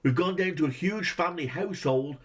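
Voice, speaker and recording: A man's voice: a little high, brisk, slightly rough. A man ranting through a movie review, exasperated and swearing heavily, firing off rhetorical questions.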